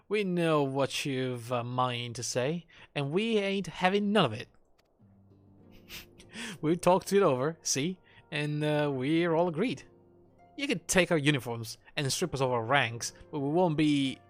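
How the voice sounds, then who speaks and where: A gruff, stubborn soldier loyal to his commander, as a man reads him aloud on a live stream. He speaks in a folksy dialect at a middling pitch. Faint game music plays beneath him. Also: animated, a little slow, a bit bright. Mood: determined. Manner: folksy dialect speech with aye and ye.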